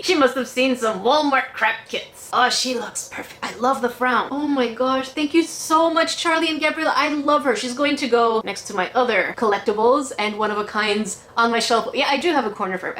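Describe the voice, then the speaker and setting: A woman hosting a craft video, chatting casually and excitedly as she unboxes, then delivering a salty product review from her home craft room. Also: fairly high pitch. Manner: gushing, excitable, gasps and laughs. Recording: echoey room.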